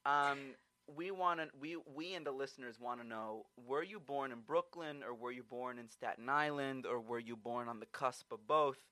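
A man co-hosting a casual interview podcast, joking and animated, with excited outbursts. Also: medium pitch, moderate pace, few pauses. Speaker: podcast co-host. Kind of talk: casual chat.

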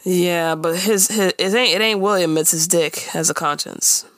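A woman's voice: on the low side, normal speed, a bit bright, no room sound, studio quality. A woman co-hosting a casual chat, retelling a TV episode with laughs and voiced-out lines. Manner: laughing, acting out characters' lines. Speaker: podcast co-host recapping a TV episode.

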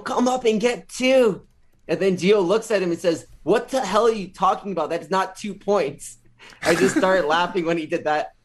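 A man being interviewed as a guest, casually retelling a story with lots of filler words and animated quotes. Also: a little high.

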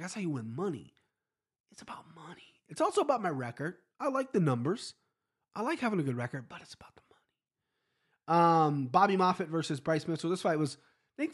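A man talking through fight results in a loose, rambling solo recap. His voice sits a little high for a man, and he is blunt and swears freely. He restarts his sentences often as he thinks aloud. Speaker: MMA fight recap podcaster.

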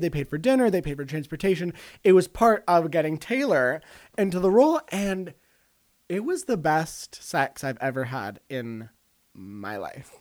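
A man's voice: on the high side, no room sound, natural voice. A man playing a vain, dramatic female film star in an improvised comedy podcast, gossipy and over the top, talking over an online call.

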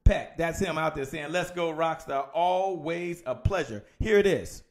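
This is an energetic man hosting a live sales coaching talk, with a fairly high voice for a man. He calls out listeners by name, repeats his key lines several times, and drops from punchy emphasis to low, hushed asides. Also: a little slow, few pauses. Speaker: podcast host and business coach.

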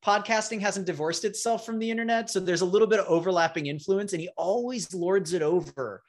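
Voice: medium pitch, brisk. A game master narrating a tabletop game, setting scenes in a playful, vivid way.

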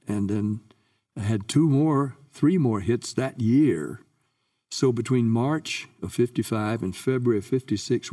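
Older man telling stories, low and mellow. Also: distant mic. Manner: lively recounting, acts out quoted voices. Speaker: guest singer. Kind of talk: anecdotal interview storytelling.

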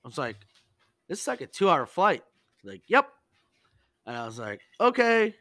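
A man hosting a podcast, telling stories in a casual, animated and profane way and acting out the people he quotes. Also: medium pitch, normal speed, dry recording. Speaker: podcast host. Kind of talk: casual storytelling chat.

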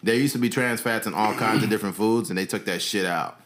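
A man's voice: lowish voice, quick pace. A man co-hosting a casual podcast, talking in a laid-back, easygoing way, swearing casually and laughing often. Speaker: podcast co-host. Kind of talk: casual chat.

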